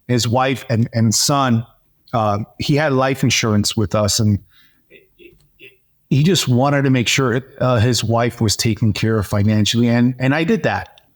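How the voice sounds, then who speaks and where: A man as an interview guest, telling a personal story in a lively, animated way, with frequent fillers and restarts. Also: medium pitch, measured pace. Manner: animated storyteller, acts out dialogue. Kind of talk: personal testimony in conversation.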